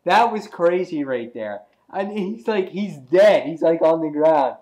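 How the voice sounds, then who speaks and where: Excitable man rambling through a review. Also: a little high, measured pace, hardly any pauses. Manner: excitable, rambling, many "he's like" asides. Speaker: comic book reviewer. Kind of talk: casual spoken review.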